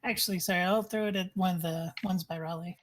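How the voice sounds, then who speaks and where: A woman plays in a tabletop game, chatting eagerly as she plans her turn. Her voice sits at a medium pitch. She talks casually with the others. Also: fairly even intonation, fast, slight background noise. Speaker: player.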